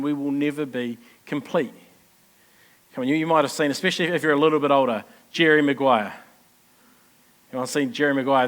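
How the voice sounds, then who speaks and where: Pastor, high male voice, chatty sermon that keeps checking in with the room. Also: a bit bright. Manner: chatty, asks the congregation questions. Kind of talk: conversational sermon.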